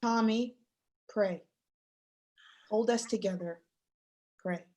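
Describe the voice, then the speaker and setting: A woman voicing a teenage girl in a play reading, speaking urgently and pleading for calm. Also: mid-range voice, slow pace, natural voice. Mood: steadying.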